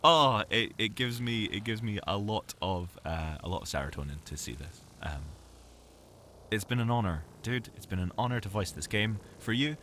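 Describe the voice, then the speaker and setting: A man's voice: lowish voice, lively intonation, moderate pace, pushed and bright, a little hiss or hum. A male voice actor talking in a playful, rambling monologue from his home audio booth, jokey and self-mocking. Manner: jokey and self-mocking, full of fillers and restarts.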